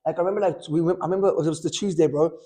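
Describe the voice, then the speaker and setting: A man's voice: on the high side, steady tone, warm tone. A young man co-hosting a podcast, telling stories in casual slang and saying "bro" and "like" a lot. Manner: fast slangy storytelling, lots of "bro" and "like". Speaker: podcast co-host. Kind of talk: casual chat.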